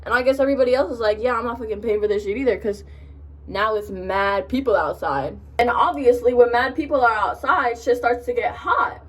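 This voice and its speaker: A young woman, a college freshman, telling a profane, animated story to the camera while doing her makeup. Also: on the high side, fairly quick, far from the mic. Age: young adult. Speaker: vlogger. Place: in front of a mirror, doing makeup. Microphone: camera a short distance away.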